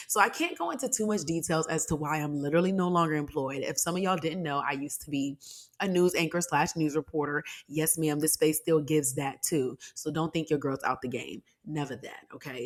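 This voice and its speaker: A young adult woman hosting a solo podcast, talking casually and animatedly with sassy asides to her listeners. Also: sits low. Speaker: podcast host.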